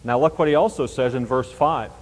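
A man giving a Bible teaching sermon at a mid-range pitch, reading verses and then unpacking them with emphatic rhetorical questions. His voice carries a long reverb tail, as if he were recorded in a large hall. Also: brisk.

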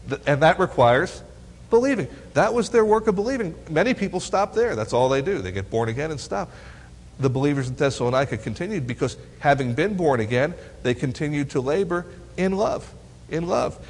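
A man's voice: a little high, a little fast, slightly rough. A man teaching a Bible lesson to teens, reading verses aloud and quizzing his listeners with playful questions. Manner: asks the audience questions, teasing and lively. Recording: long hall reverb.

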